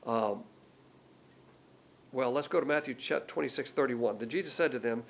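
Gravelly-voiced man teaching the Bible. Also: medium pitch, moderate pace, long pauses, rough recording. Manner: conversational, explains in plain everyday words; reads verses aloud with more force.

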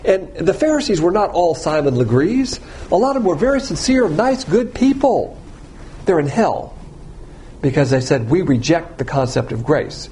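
Man preaching, blunt and provocative, fairly high voice, faint background noise. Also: big pitch swings, normal speed. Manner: blunt, provocative, swings between loud and quiet. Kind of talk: sermon.

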